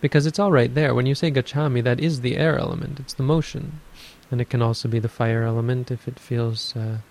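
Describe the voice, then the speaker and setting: A man giving a dharma talk on meditation, explaining in a measured way and thinking aloud as he goes. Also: mid-range voice, fairly even intonation, darkish tone, poor audio. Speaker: meditation teacher.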